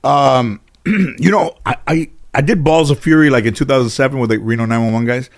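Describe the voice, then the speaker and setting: A man's voice: medium pitch, a little fast. A man in a casual interview, telling long anecdotes full of fillers and restarts, and acting out the people he quotes. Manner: rambling, filler-heavy, animated when quoting others. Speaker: interview guest.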